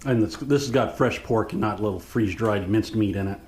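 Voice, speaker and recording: A man's voice: on the low side, a little fast, a little mellow. A man, a vlogger chatting casually and joking at home. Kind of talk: casual chat. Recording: roomy with faint noise.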